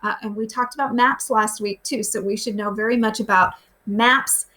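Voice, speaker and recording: A woman's voice: medium pitch, steady tone, moderate pace, pushed and bright. A woman, a grade-school teacher walking her pupils through the day's lesson, asking them simple questions as she goes. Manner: patient, asks children simple questions. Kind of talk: recorded remote lesson walkthrough.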